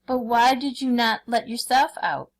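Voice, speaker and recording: A woman's voice: fairly high pitch, a little slow, pitched above the performer's own voice. A woman doing a dithering, puzzled jackal. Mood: feigned confusion. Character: fussy confused male jackal, sly trickster.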